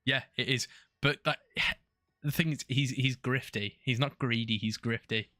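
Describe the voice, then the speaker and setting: Male streamer, blunt and profane, bright voice, dead-dry mic. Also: medium pitch, fairly even intonation, normal speed, no room sound. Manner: cursing, exasperated, repeats himself. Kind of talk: casual stream chat.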